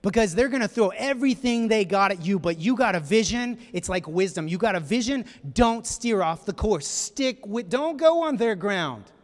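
A man preaching a sermon, retelling a film scene as an animated storyteller with quick asides. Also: high voice. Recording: echoey hall.

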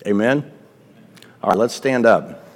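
A man's voice: lowish voice, a little slow, big-room sound. A pastor preaching a sermon to his congregation, emphatic and asking them questions as he teaches.

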